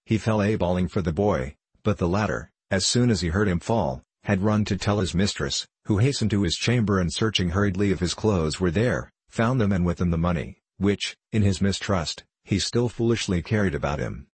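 A male narrator reads an old tale in measured, archaic storytelling. His voice is low and husky. The sound is dry and close. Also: no room sound. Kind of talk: scripted narration of a classic tale.

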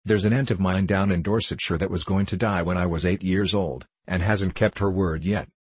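A man's voice: deep voice, fairly even intonation, moderate pace, slightly rough, dry recording. A man voicing a flippant, jaunty young idler who talks in a breezy, joking way. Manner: breezy, joking, lightly mocking.

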